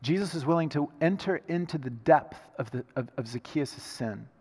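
A man preaching a sermon, moving between hushed, slow lines and loud, emphatic passages. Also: a little high, animated, husky. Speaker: pastor. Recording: reverberant hall sound.

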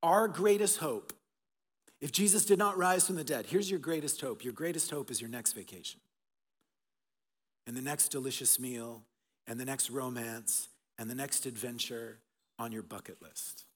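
A middle-aged man preaching an Easter sermon as pastor, swinging between loud emphatic bursts and soft, hushed passages. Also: medium pitch, normal speed. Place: church auditorium. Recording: long reverb of a large hall.

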